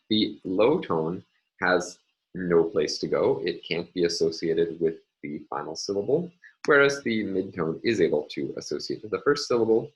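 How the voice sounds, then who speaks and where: A man lecturing on phonology in a measured, explanatory way, often pausing with filler sounds. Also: low-pitched, poor audio. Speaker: linguistics lecturer. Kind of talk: recorded lecture.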